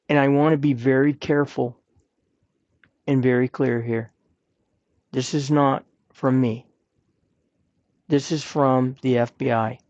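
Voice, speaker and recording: A man's voice: mid-range voice, a little mellow, dry recording, highs cut off. A man hosting a podcast, giving earnest, plain-spoken advice and repeating his points for emphasis. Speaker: podcast host. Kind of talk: personal advice talk.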